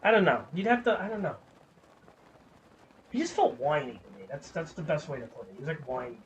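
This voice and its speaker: Man, gaming streamer, casual rambling chat, swears freely, slightly high pitch. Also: big pitch swings, a little fast, slight background noise.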